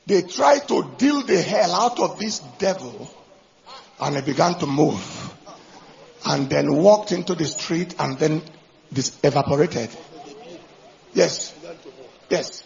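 A high-voiced man preaching a lively sermon, his pitch leaping up and down as he tells stories. His tone has a gravelly edge, and the recording sounds muffled and lo-fi. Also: slow pace, long pauses. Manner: animated preaching, bursts into shouts and laughter. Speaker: pastor.

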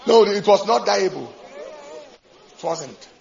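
A high-voiced man preaching a lively sermon, his pitch leaping up and down as he tells stories. His tone has a gravelly edge, and the recording sounds muffled and lo-fi. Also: slow pace. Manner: animated preaching, bursts into shouts and laughter. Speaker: pastor.

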